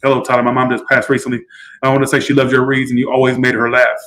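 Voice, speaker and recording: A man's voice: mid-range voice, completely flat delivery, fast talker, a bit bright, rough recording. A man giving a casual live-stream tarot reading, chatty and emotional, swearing freely. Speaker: tarot reader.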